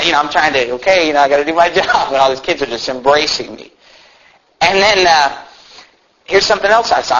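Man preaching in a bright, muffled recording. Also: mid-range voice. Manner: earnest, conversational, frequent restarts and asides. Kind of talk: sermon storytelling.

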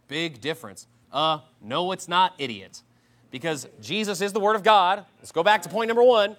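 A man preaching a sermon, combative and mocking, swinging between loud outbursts and low asides. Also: moderate pace. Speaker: pastor.

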